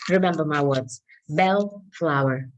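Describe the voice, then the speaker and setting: A woman with a low voice gives a tarot reading on a recording with the highs cut off. She speaks directly to the listener, earnest and coaxing, often checking in with "okay?", and reads the card messages aloud slowly.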